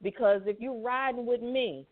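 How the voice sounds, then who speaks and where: A woman's voice: a little high, normal speed. Woman, heartfelt spiritual sharing, emphatic; tinny phone audio. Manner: earnest, emphatic testimony. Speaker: prayer call participant. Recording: phone line.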